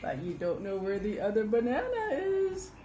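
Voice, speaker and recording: A woman's voice: mid-range voice, sing-song, moderate pace, background noise. A woman filming a casual family home video, teasing and coaxing her child in a playful, chatty way.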